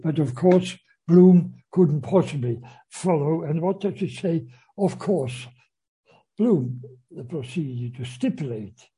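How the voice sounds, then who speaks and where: A man's voice: on the high side, expressive, takes it slowly, warm tone, slightly rough, rough recording. A man lecturing on a novel, hesitating with frequent fillers and restarts as he reads passages aloud. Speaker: literature lecturer.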